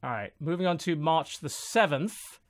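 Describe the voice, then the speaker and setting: A man's voice: on the high side, expressive, moderate pace. A man hosting a casual gaming podcast, dry and matter-of-fact as he moves through the list. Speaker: podcast host. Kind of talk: casual chat.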